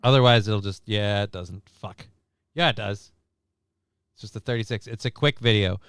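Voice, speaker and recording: Man, casual stream chat, crude jokes, swears a lot, voice cracks, smooth tone, dry close sound. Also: on the low side, moderate pace, fairly bright tone, no echo. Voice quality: voice prone to cracking. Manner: crude joking, swears often. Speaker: stream co-host.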